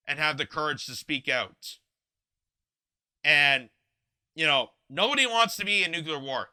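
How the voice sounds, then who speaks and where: A man's voice: a little high, pushed and bright. A man in his twenties from Canada, hosting an angry, heated political commentary rant from his basement. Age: 20s. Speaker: host. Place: home basement.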